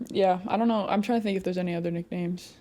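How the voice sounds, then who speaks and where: A woman's voice: fairly low pitch, fast. A young woman college basketball player chatting casually and laughing as she tells stories about her coach. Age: young adult. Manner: giggly, animated storytelling. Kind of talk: casual chat.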